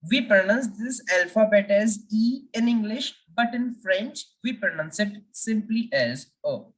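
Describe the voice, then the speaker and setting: A woman teaching the French alphabet, speaking deliberately and repeating each letter for learners. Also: mid-range voice, expressive, distant mic, low-quality recording. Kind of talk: language lesson.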